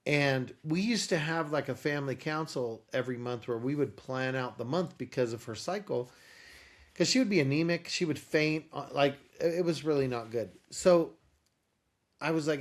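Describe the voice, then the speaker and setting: A man's voice: fairly high pitch, normal speed. A man telling a personal story in an interview, acting out the voices of people in it. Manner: animated, acts out quoted dialogue. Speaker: guest, company founder.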